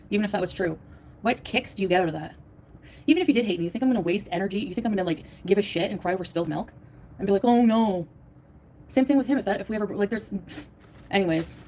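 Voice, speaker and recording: Fast-talking woman ranting at her chat. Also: medium pitch, a little mellow, slight background noise. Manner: defensive, profane, ranting at viewers. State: tired, in a bad mood. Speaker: livestreamer. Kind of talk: angry livestream rant to chat.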